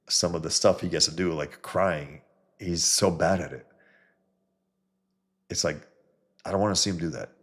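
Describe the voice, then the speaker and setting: Brief: male host, low and husky, blunt profane opinion talk with viewers. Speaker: show host reading viewer comments. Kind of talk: casual opinionated commentary.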